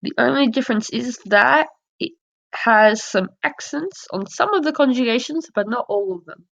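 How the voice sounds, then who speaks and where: A woman's voice: on the high side, animated, normal speed, creaky, fairly bright tone. A woman teaching a lesson over slides, explaining patiently and modelling example phrases. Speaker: French teacher. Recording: dull lo-fi audio.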